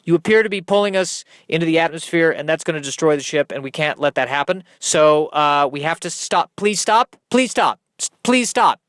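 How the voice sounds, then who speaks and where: Fretting, stammering spaceship captain who frets over paperwork and can't make a decision, voiced by a man in a comedy audio sketch. His slightly high voice is recorded dry and close, with no room sound at all. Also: brisk, few pauses, fairly bright tone, smooth, no echo, natural voice. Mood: pleading. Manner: stammering, fretful, apologetic. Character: flustered, dithering male starship captain.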